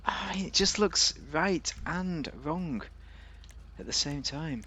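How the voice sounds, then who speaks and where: A man's voice: fairly high pitch, lively intonation, takes it slowly, bright, forceful tone, slightly rough. A man giving a casual, rambling, jokey commentary while reviewing a car in a video game.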